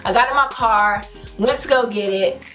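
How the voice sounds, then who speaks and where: A young adult woman hosting a home decor vlog, telling a story to camera in an excited, chatty, slangy way. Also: fairly high pitch, moderate pace, soft background music. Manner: excited, chatty and slangy, addresses viewers as y'all.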